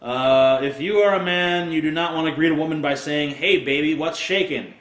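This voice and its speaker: A man's voice: on the high side, fairly even intonation, fairly quick, roomy sound. A man ranting crudely and sarcastically to camera in a casual video, laughing at his own jokes. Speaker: video blogger. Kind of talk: profane comic rant to camera.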